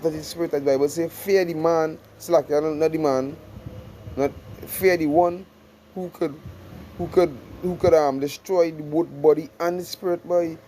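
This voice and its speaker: Man teaching scripture, mellow voice. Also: fairly high pitch, fairly even intonation, a little hiss or hum, rough recording. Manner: reads verses slowly, then explains in loose repeated phrases. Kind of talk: informal scripture study sermon.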